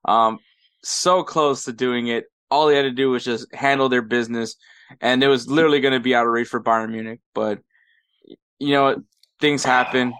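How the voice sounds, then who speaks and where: Measured man recapping football, smooth voice. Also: medium pitch, fairly even intonation, a bit bright, no room sound. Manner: measured, methodical recapping with small laughs. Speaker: podcast host. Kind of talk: casual sports recap.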